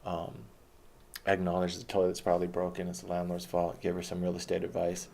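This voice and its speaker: A man's voice: deep voice, monotone, brisk, vocal fry, dark tone. A man telling a personal story in a blunt, rambling way, retelling conversations as he goes.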